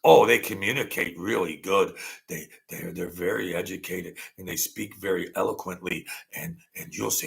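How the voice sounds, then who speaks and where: A middle-aged man with a gravelly voice, ranting angrily and profanely in a rambling political monologue. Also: sits low, steady tone, moderate pace. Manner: angry, profane, rambling rant with sudden loud outbursts. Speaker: political commentary vlogger.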